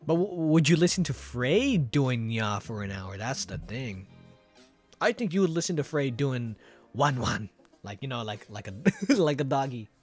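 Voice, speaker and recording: A man chatting casually on a live stream, animated and giggly, rambling with restarts. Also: mid-range voice, normal speed, breathy edge, faint music behind. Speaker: VTuber streamer.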